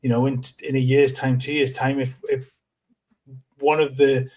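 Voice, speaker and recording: A man co-hosting a casual fan podcast, halting and repeating words as he thinks aloud. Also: medium pitch, level tone, darkish tone.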